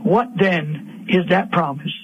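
A man preaching a fiery radio sermon, repeating lines and rising to shouts. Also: on the high side, slow, slight background noise. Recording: dull lo-fi radio broadcast.

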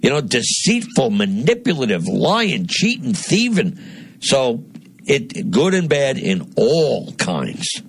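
An older male radio host with a gravelly, husky voice. He talks slowly and emphatically, piling up descriptive words, and his pitch rises and falls a lot. The sound is dry and close. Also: huge pitch swings, no room sound. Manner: emphatic, piles up lists of adjectives. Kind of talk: talk radio monologue and call handling.

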